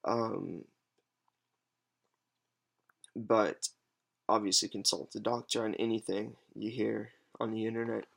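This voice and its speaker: A man in his twenties giving a halting, hesitant, unscripted monologue with many pauses and fillers. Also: lowish voice, level tone, creaky, husky. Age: 20s. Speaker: patient advocate vlogger. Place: alone at home.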